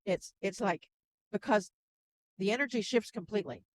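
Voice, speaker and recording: A woman guest who works as a spiritual channel, speaking gently and laughing softly between thoughts. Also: medium pitch, moderate pace, slight background noise, poor audio. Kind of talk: casual interview chat.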